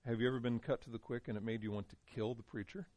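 A man leads a Bible study in a relaxed, conversational tone and keeps asking his group questions. His voice sits at a middling pitch. The recording is dry, with no room sound. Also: racing, no room sound. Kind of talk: interactive Bible teaching to a small group.

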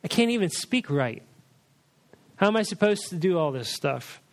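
A man's voice: sits high, very animated, moderate pace. A preacher voicing a doubting, anxious male prophet who pleads and protests. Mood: pleading.

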